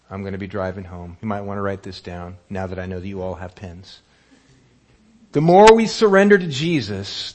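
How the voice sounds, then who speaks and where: A pastor preaching a sermon, telling stories and asking the congregation rhetorical questions. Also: male voice, on the low side. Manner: animated storytelling, rhetorical questions.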